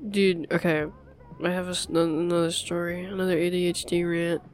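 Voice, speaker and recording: A woman's voice: on the low side, completely flat delivery, fast, soft background music. A young woman in a casual girlfriend role-play, rambling to her partner with frequent laughs and swearing.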